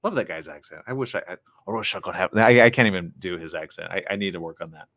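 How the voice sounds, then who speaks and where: A man hosting a radio morning show, chatting casually with listeners and reading the news in a studio. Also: low voice. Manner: lively, chatty, quick asides.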